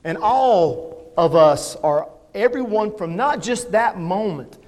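High-voiced preacher in a reverberant hall. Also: male voice, lively intonation, takes it slowly, a little mellow. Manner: earnest, emphatic, asks the congregation questions. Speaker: pastor. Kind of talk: sermon.

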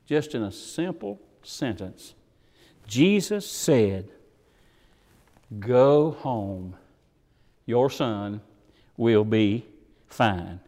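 A man preaching a sermon, dramatically voicing the people he quotes. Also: a little mellow. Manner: dramatic, voices quoted characters with swings in pitch and volume. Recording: long hall reverb.

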